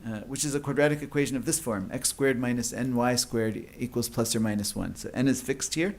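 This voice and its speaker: A man's voice: mid-range voice, fairly quick. A man giving an academic lecture at a conference. He explains at length, with many fillers and restarts. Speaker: conference speaker.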